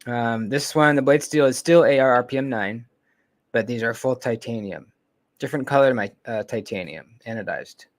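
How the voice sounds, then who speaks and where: A man chatting casually on a live stream, close to his desk microphone. His pitch sits in an ordinary middle range, and he rambles, pauses often and lets his sentences trail away. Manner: relaxed, rambling, lots of ums and trailing off. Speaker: knife channel host. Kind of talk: casual livestream chat. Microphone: close desk mic.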